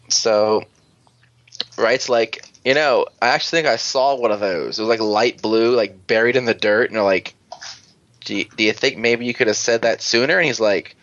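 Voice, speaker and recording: A man's voice: on the low side, fairly bright tone, lo-fi sound. A man chatting casually on a podcast, recapping a TV episode in a rambling way, acting out characters' lines and swearing freely. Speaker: podcast co-host.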